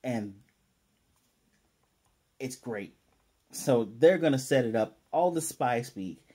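A man's voice: mid-range voice, lively intonation, slow pace, mellow, husky. A man casually recapping an anime episode, animatedly paraphrasing the characters' lines. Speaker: anime reviewer.

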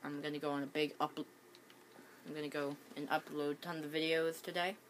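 A woman's voice: low voice, flat delivery, fairly quick, slight background noise. A woman with the hiccups giving casual gameplay commentary at home, hesitant, with many ums and restarts. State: has the hiccups. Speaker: gaming channel host.

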